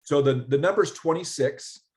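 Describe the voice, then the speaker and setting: A man's voice: on the high side, normal speed. A man explaining a business tax refund in a casual interview, telling stories and acting out conversations. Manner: animated storyteller, acts out quoted dialogue. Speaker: ERC specialist guest.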